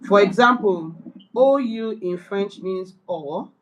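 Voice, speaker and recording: A woman reading lesson notes aloud at a slow, deliberate pace. She stops to correct herself and apologizes when she gets confused. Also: mid-range voice, expressive, rough recording. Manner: slow, careful, hesitant, apologetic. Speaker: beginner learner, channel host.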